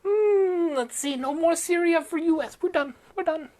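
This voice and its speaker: A woman's voice: extremely high pitch, moderate pace, dark tone. A woman hosting a satirical news podcast, talking in a playful, sarcastic sing-song way with mock cheering and clipped, broken-English asides. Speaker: podcast host.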